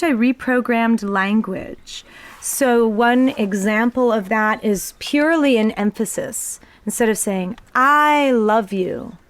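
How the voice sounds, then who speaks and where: A woman talking reflectively about spiritual experiences in a casual conversation, often pausing with ums. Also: fairly high pitch. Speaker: guest sharing spiritual experiences.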